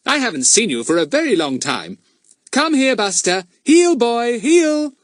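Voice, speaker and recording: A clever, polite schoolboy, as a man puts him on, smooth and quietly amused, his lines lifting higher than the narration. The voice swings lively and sounds dry and near. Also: a little slow, dry recording, heavily acted.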